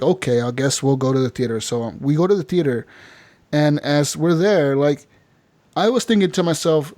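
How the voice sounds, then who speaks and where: Male podcast host, casual storytelling, animated and profane, higher pitch. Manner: animated, profane, lots of fillers.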